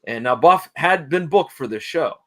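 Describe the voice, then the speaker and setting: A middle-aged man, a guest in an interview, telling a lively story in casual conversation and acting out the people he quotes. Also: fairly high pitch, moderate pace. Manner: animated storyteller, acts out quoted dialogue. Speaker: interview guest, wrestling manager.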